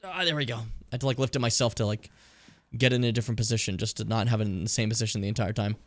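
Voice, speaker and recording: A man's voice: fairly low pitch, very fast. A man streaming a game, chatting in a loose, rambling, self-deprecating way and swearing freely. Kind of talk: casual live-stream commentary.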